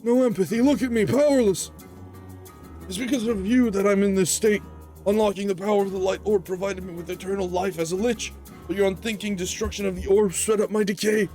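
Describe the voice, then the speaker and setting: A man's voice: high voice, fairly even intonation, fairly quick, warm tone, faint music behind, pitched above the performer's own voice, natural voice. A man voicing a bitter, scheming old male lich villain in a game, with a theatrical, sneering manner.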